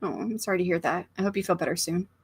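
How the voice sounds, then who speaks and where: A woman with a slightly low voice and an American accent hosts a relaxed livestream from her home. She talks in a rambling, thinking-out-loud way, full of fillers, and reads her viewers' comments as she goes. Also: racing, slightly rough. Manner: chatty, rambling, thinks aloud, many fillers. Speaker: author livestream host. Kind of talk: casual livestream chat, reading comments aloud. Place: home room.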